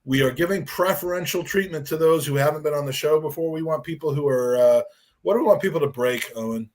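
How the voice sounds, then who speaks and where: A man's voice: a little high, fast talker. A man hosting a football fan call-in show, talking in a loose, rambling, sweary way. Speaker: podcast host. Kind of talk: casual fan show talk.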